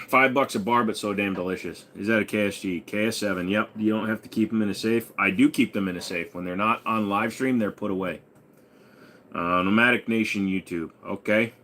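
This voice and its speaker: A man with a fairly low voice hosts a casual live stream from his room at home. He reads viewer questions aloud and answers them offhand. A faint hum of room noise sits behind him. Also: normal speed, fairly bright tone. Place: home room with a gun wall.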